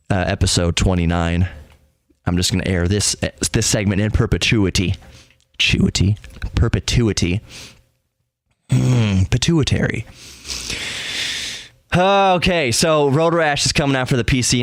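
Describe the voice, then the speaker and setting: A man's voice: low-pitched, no room sound. A man in his thirties hosting a podcast, telling a comic story casually and laughing at himself. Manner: self-deprecating, laughs at his own stories. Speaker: podcast host.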